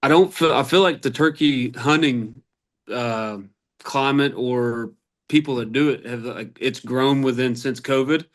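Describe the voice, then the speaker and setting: A man's voice: medium pitch, measured pace. A man from Arkansas, a podcast guest telling long, rambling hunting stories in a casual way. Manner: rambling, animated anecdotes. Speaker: podcast guest, turkey hunter. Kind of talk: casual storytelling.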